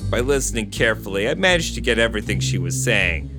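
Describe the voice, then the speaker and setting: A man's voice: fairly low pitch, quick pace, music in the background. A man co-hosting a podcast, reading a novel aloud and cracking dry jokes. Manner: animated, dryly joking. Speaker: podcast co-host.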